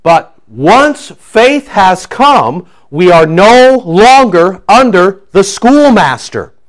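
A male pastor delivering a sermon in a high, very animated voice. He takes his time, leaning on repeated phrases and swinging from near-shouted declarations down to hushed, prayerful tones. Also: slow. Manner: emphatic preaching, swinging from loud to hushed.

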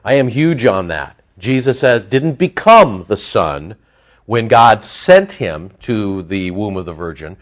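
A man preaching a sermon as pastor, animated, with lively emphasis and asides to his listeners. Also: lowish voice, measured pace.

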